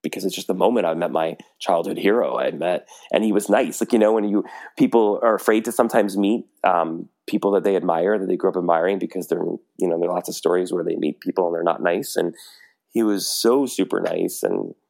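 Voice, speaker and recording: A middle-aged man with a low, gravelly voice tells a story in easy conversation. He is animated, laughs often and acts out the lines of the people he quotes. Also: fairly quick. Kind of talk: casual storytelling.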